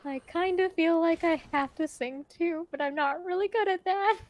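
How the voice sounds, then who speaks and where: A woman's voice: very high voice, normal speed, no echo. A woman chatting casually with a streamer over a voice call, giggling often and cheering them on. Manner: giggly, encouraging. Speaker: friend on a voice call. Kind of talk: casual chat.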